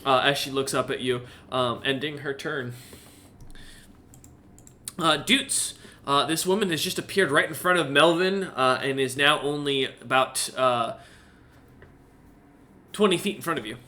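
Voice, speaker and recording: Bright-voiced man running a tabletop game. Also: medium pitch. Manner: halting, full of ums and uhs while describing the scene. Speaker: game master.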